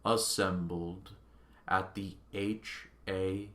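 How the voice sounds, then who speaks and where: A man voicing a calm, polite male ship computer with a soft, low, deadpan monotone that turns coldly menacing. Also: extremely slow, heavily acted. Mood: fading slow.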